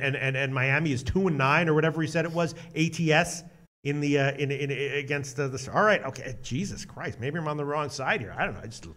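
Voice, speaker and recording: A man co-hosting a sports betting show, talking loosely and loudly, swearing often and reading viewer comments aloud with restarts and exclamations. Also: on the high side. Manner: loud, profane, rambling, reads viewer comments aloud. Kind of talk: casual sports betting chat.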